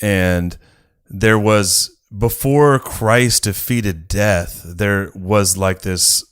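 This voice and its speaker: A man's voice: lowish voice, extremely slow, a bit bright, clear, resonant tone. A man co-hosting a podcast, talking casually and thinking aloud with frequent restarts.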